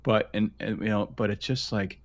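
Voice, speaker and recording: Low-voiced man chatting casually. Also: moderate pace. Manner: relaxed, trails off, repeats words when he gets emotional. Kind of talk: casual conversation.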